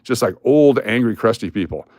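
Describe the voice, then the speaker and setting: A man's voice: mid-range voice, moderate pace, dry recording. Middle-aged male streamer, casual storyteller, dead-dry room sound. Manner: animated, acts out other people's lines when retelling. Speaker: live stream host.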